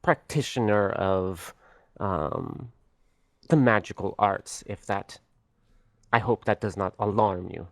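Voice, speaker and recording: A man's voice: fairly low pitch, slow pace, pauses often, dry recording, clean studio sound. A man playing a tall, reserved female elf scholar of magic, speaking in a hesitant, formal way. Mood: guarded.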